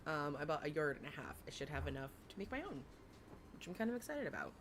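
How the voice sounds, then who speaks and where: Woman, young adult, raspy voice, chatty and giggly, rambling livestream talk, faint room hum behind. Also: low-pitched, sing-song, quick pace, fairly bright tone. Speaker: livestream commentary host. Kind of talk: casual livestream chat.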